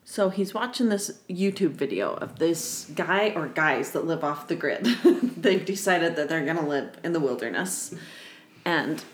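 A woman's voice: sits low, animated, a little slow. A woman co-hosting a casual chat, retelling a secondhand story in a wry, giggly way. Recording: roomy echo.

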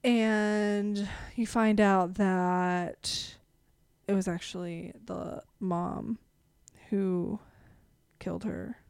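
A young woman co-hosts a casual podcast, her smooth voice recorded close and dry. She retells a story haltingly, often breaking off and starting over. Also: mid-range voice, fairly even intonation, a little mellow, dry recording. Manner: halting, restarts sentences while retelling a plot. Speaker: podcast co-host. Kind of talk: casual chat.

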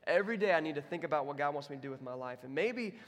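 A young adult man delivers a sermon from a church, talking in a relaxed, conversational way as he tells stories. His voice sits a bit high for a man, and a long reverb from the hall trails each phrase. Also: very fast. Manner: storytelling, conversational, voices quotes with big swings. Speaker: pastor. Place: church sanctuary.

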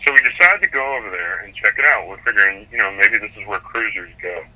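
Bright-voiced man telling a sailing story. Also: lowish voice, quick pace, low-quality recording. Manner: animated storyteller with many restarts. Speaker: sailor guest. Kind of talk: storytelling in a podcast interview.

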